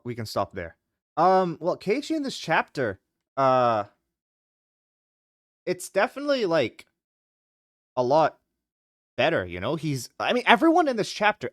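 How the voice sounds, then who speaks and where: A lively streamer whose pitch jumps all over as they chat to viewers and read story text aloud. They ramble in loose, excitable bursts full of "like". The voice sits close and dry on a desk mic, with no room sound. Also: no room sound. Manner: animated and rambling, full of "like" and quick laughs. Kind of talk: casual live-stream chat while reading a visual novel aloud.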